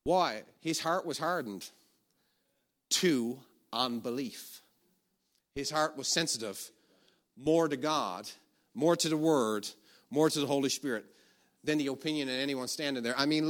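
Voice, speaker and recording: A man preaching a sermon, telling a story with animated energy, shouting the quoted commands and dropping low for asides. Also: unhurried.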